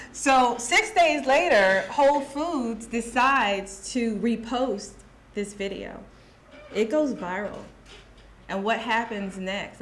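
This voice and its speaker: A woman's voice: medium pitch, slight background noise. A woman presenting at a conference, telling a brand story with light amusement. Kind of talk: conference talk.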